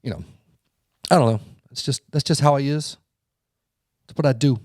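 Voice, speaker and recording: A man's voice: medium pitch, moderate pace, darkish tone, no echo, studio quality. A man co-hosting a podcast, ranting heatedly and swearing constantly as he acts out what people said. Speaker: podcast co-host. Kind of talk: casual profane podcast rant.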